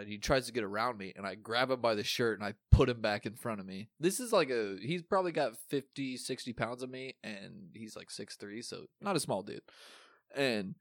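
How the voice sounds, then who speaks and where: A young man telling a story in casual chat, animated and swearing, acting out what people said. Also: medium pitch, fairly quick, dry recording, clean studio sound. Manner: animated, swearing, acts out quotes.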